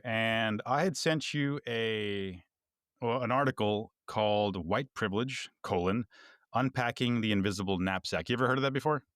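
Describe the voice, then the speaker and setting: A man's voice: on the low side, normal speed, a bit bright, dry recording, studio quality. A man from Texas co-hosting a casual podcast, talking in a rambling way with frequent restarts and chuckling asides. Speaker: podcast co-host.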